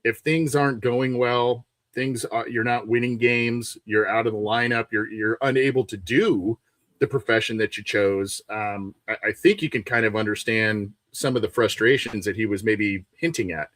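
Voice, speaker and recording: A man's voice: lowish voice, moderate pace, fairly bright tone, no room sound, clean studio sound. A man, a guest on a sports podcast, talking casually over a remote call with many fillers and restarts.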